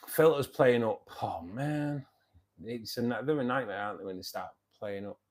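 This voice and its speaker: A man's voice: medium pitch, moderate pace. A man, tired and self-mocking, chatting casually and laughing often as host of a live stream. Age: 50s. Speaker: livestream host.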